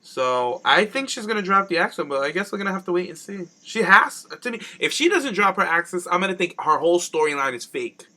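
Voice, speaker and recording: A man co-hosting a casual chat show, animated and swearing freely, often mimicking other people in mock voices. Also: high-pitched, brisk, hardly any pauses. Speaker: podcast co-host.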